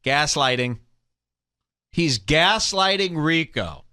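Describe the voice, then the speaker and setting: A man's voice: fairly high pitch, lively intonation, takes it slowly, bright, forceful tone, clean tone. A man hosting a show, mocking a clip in comedic commentary with laughter and impressions.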